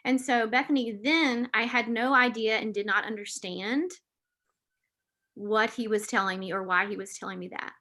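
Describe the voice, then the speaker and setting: A woman's voice: a little high, fairly even intonation, moderate pace, a bit bright. A woman, an author and podcast host telling her personal story in an earnest, emotional way as an interview guest. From Southern United States.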